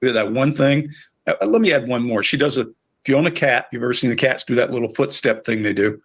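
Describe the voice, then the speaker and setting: A man's voice: medium pitch, a little fast, a bit bright. A man on a panel analyzing an interview in a punchy, vivid way, tapping out speech rhythms aloud. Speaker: body language analyst panelist. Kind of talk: analytical commentary.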